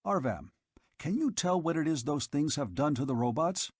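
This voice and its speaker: A man voicing a frightened alien commander who talks shrilly and shouts orders in a storybook reading. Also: fairly high pitch, lively intonation, moderate pace, slightly rough, no echo, clean studio sound. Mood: shrill alarm.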